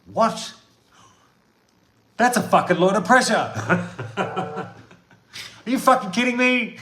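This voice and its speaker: A man delivering a blunt, profane motivational monologue as a coach, veering from loud outbursts to quiet talk. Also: sits high, very animated, slow pace, pauses often. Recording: echoey room with faint noise.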